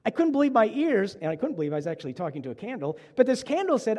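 A male pastor preaching to his congregation with a high yet mellow voice. He tells stories and acts out the dialogue in a lively way. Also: racing, hardly any pauses, in a large hall. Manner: storytelling with animated dialogue. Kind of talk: sermon.

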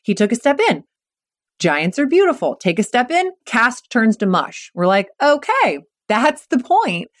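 A woman's voice: medium pitch, moderate pace, no room sound. Upbeat woman coach, dry close mic. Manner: energetic, encouraging, acts out quoted kids and coaches. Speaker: mental performance coach. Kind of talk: podcast monologue.

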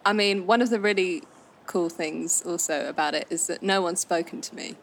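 A woman's voice: fairly low pitch, normal speed, creaky, slight background noise. A woman from London, co-hosting a casual chat, telling frank stories and laughing often. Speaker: podcast co-host.

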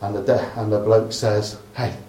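A man's voice: medium pitch, normal speed, slight background noise. A man from Dorset, preaching a sermon by retelling a story in a chatty way with humorous asides. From Dorset, England. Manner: conversational storytelling, humorous asides, softening to a hush at the close. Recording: echoey room.

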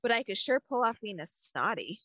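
A woman's voice: fairly high pitch, very animated, a little fast, fairly bright tone, no room sound. A woman co-hosting a podcast in casual chat, speaking in an easygoing, reflective way with frequent "like.". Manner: easygoing, reflective, uses "like" often. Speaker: podcast co-host.

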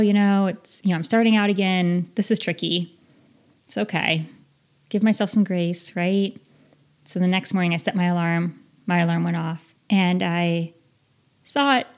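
A woman's voice: mid-range voice, a little mellow. A woman in her thirties hosting a self-help podcast, talking earnestly and with animation, laughing at herself now and then. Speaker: podcast host.

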